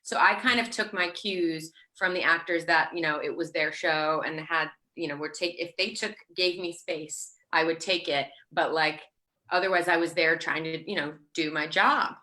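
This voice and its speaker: A woman's voice: low voice, fairly even intonation, moderate pace, bright, forceful tone. A woman in her thirties chatting as an interview guest, rambling with many fillers and restarts. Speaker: guest actor. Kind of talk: casual interview chat.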